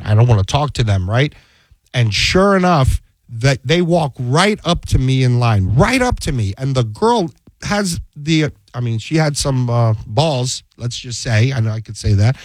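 A man's voice: medium pitch, no room sound. A man, a defense attorney, telling stories in a casual chat and acting out the dialogue he quotes. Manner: animated storyteller, acts out quoted dialogue.

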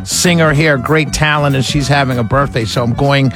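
A man hosting a talk radio show, delivering an animated, exasperated monologue with rhetorical questions. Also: mid-range voice, moderate pace, soft background music. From New York City.

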